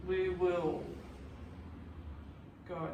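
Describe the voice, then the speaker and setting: A woman's voice: fairly low pitch, fairly even intonation, extremely slow, highs cut off, noisy background. A woman teaching an unscripted art class, chatty and encouraging as she talks through each step. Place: art studio. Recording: roomy, from a distance.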